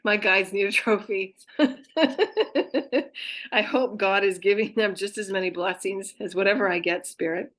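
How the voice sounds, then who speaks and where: Speaking at medium pitch in a level, fairly bright tone, a woman passes along messages from her spirit guides at a moderate pace with long pauses. The talk is casual and affectionate, and she keeps breaking into giggly laughter as she gushes about them.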